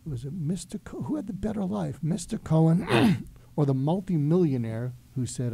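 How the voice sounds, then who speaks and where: A man's voice: a little high, lively intonation, normal speed, creaky, dark tone, husky. A middle-aged man, a doctor guest on a talk show, telling a reflective anecdote with frequent fillers.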